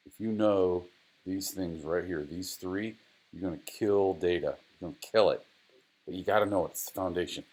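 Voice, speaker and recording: A man with a deep, low voice walks through racing data on screen like an instructor. He is casual, repeats points for emphasis and grumbles at his tools as he goes. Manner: casual, repeats phrases, talks to the software. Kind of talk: screen-recorded data analysis tutorial.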